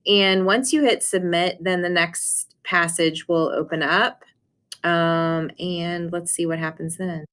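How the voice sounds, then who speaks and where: Casual teacher woman, slightly low voice. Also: steady tone, slow pace, fairly bright tone. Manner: casual, many ums and restarts. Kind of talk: recorded class lesson and screen walkthrough.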